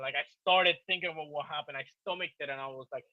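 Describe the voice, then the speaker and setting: A man's voice: fairly high pitch, quick pace, dry recording. A young man co-hosting a podcast in casual chat, telling stories animatedly and swearing constantly. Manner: profane, animated storytelling. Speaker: podcast co-host. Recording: dull lo-fi dry sound.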